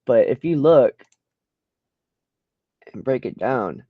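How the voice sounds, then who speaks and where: A man in a laid-back screen-share session, full of slang and swearing, breaking into loud disbelief at what he finds. His audio is dull and lo-fi, with a dry, close sound. He talks at a mid pitch. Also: very animated, unhurried, long pauses, no echo. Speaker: vlogger browsing trending searches. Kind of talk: casual screen-share commentary.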